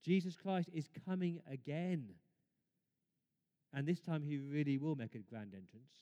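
A man preaching a sermon in a church, emphatic, rising to loud exclamations and dropping to quiet asides. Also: fairly high pitch, unhurried. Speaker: pastor. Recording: long reverb of a church hall.

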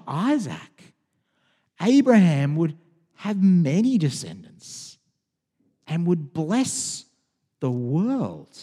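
A man preaching a sermon as a pastor, talking in a conversational, expressive way with frequent restarts. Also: sits high, husky, big-room sound. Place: church hall.

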